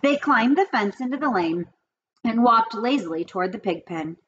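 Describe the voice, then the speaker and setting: A woman reading a children's book aloud in an expressive storytelling manner. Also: fairly high pitch, normal speed, breathy edge, dull audio. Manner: lively, expressive reading with character voices.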